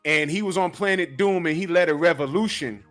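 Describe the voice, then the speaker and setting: A middle-aged man hosting a casual chat about old cartoons. He tells stories in an animated way, acting out his own reactions, and repeats words and uses fillers often. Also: fairly high pitch, brisk, soft background music. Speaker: host.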